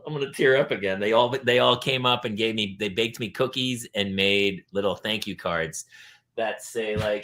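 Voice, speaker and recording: A man hosting a parenting talk show, telling comic stories and acting out the people in them with loud shouted voices. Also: lowish voice, moderate pace. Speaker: podcast host. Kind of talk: comedic storytelling chat.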